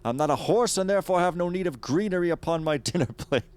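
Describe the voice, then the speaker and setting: A man's voice: a little high, lively intonation, fast, darkish tone, smooth, pitched above the performer's own voice, close to an everyday voice. A man voicing a pompous, fussy nobleman who scolds his servant in a haughty, theatrical way. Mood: haughty indignant. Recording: game music behind the voice.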